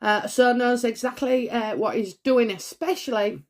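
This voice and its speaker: A woman in her forties gives a solo tarot reading, her voice sitting a little above the usual pitch for a woman. She rambles and hesitates, stacking up fillers and restarts, and breaks in with gasps as she goes. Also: moderate pace. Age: 40s. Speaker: tarot reader.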